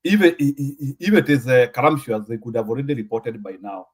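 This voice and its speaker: A man's voice: mid-range voice, lively intonation, quick pace, slightly rough. A Kenyan man hosting a casual chat, joking and laughing often as he mixes English and Swahili.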